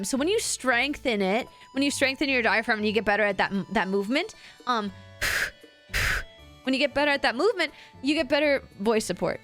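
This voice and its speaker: A woman streamer giving a casual, rambling voice acting lesson to her chat, often dropping her voice low to demonstrate. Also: fairly bright tone.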